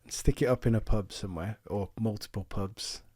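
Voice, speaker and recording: A man's voice: fairly low pitch, brisk, mellow, slightly rough, no room sound, studio quality. A man co-hosting a football podcast in casual chat, joking and laughing often. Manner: laughs often, jokey banter. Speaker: podcast co-host.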